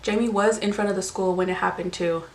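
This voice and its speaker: A woman's voice: mid-range voice, fairly even intonation, quick pace. Brief: young woman vlogger, casual storytime, rambling filler-heavy chat, faint room hum. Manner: chatty, lots of "like" fillers and swearing. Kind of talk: casual storytime while eating.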